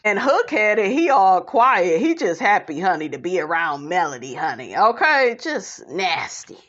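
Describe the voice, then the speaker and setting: A woman's voice: lowish voice, sing-song, a little slow, a bit bright, lo-fi sound. A woman vlogger recapping a reality show in blunt, sassy, profane casual commentary, calling viewers "honey".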